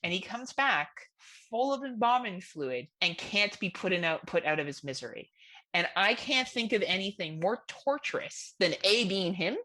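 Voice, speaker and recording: A woman co-hosting a horror podcast, chatting casually and retelling stories with animated enthusiasm. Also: medium pitch, moderate pace. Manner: animated, enthusiastic storytelling with frequent laughs. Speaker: podcast co-host. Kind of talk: casual chat.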